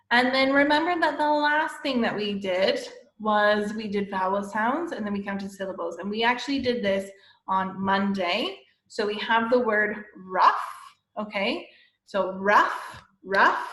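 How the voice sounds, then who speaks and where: A woman teacher giving a lesson to young children, explaining slowly and patiently and often checking with "okay?". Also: mid-range voice, fairly bright tone. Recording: echoey room.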